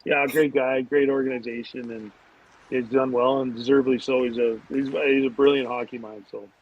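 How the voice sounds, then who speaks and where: Ex-hockey player guy rambling thru anecdotes, husky, kinda muffled audio. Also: medium pitch, moderate pace. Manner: rambling, animated anecdotes with many fillers. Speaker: guest, former pro hockey player. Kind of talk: casual storytelling. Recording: dull lo-fi audio.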